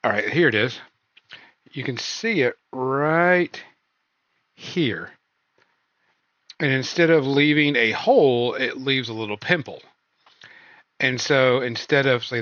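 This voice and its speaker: A man's voice: mid-range voice, animated, slow pace, long pauses, a bit bright, dry recording, muffled recording. A man hosting a casual stream chat, loose and rambling, full of ums and uhs. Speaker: podcast host.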